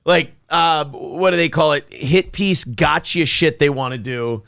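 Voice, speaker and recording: A man's voice: fairly high pitch, unhurried, vocal fry, fairly bright tone, smooth, no echo, clean studio sound. A man co-hosting a casual talk show, laughing often and swearing freely as he talks. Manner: laughing, profane banter. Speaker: co-host. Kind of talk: casual chat.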